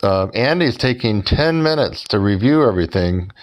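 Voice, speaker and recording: A man's voice: on the low side, animated, normal speed. A man telling a story to his viewers in a sarcastic, mocking way and speaking directly to them as folks. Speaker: YouTuber.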